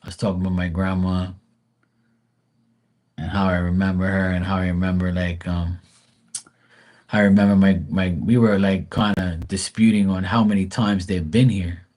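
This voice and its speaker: A man's voice: deep voice, little pitch movement, moderate pace, pauses often, darkish tone. Rambling, profane man in his forties. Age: 40s. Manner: rambling, profane, laid-back storytelling. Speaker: live stream tarot reader. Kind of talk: casual live-stream chat.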